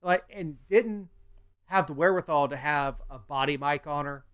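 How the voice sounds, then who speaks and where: Smooth-voiced blunt male podcast host. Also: fairly high pitch, normal speed, fairly bright tone. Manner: blunt, opinionated, drops into mocking impressions. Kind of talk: casual political chat.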